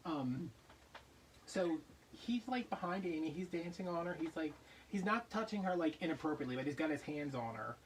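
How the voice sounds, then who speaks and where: Man, casual crafting vlog host, animated storyteller, distant mic, faint room hum. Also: on the high side, normal speed. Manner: animated, acts out voices in his anecdotes.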